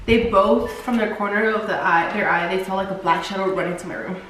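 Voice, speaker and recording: A woman's voice: medium pitch, a little fast, fairly bright tone, a little hiss or hum. A young woman co-hosting a vlog, telling stories in a chatty way full of fillers and restarts. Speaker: vlog co-host. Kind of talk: casual storytelling chat. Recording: very echoey room, distant mic, faint music.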